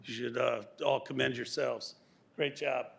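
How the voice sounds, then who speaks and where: A man's voice: mid-range voice, steady tone, unhurried, gravelly, husky. A man giving a grateful public comment at a county meeting, speaking into a podium microphone. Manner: grateful, appreciative. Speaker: public commenter, local business owner. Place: county board meeting room.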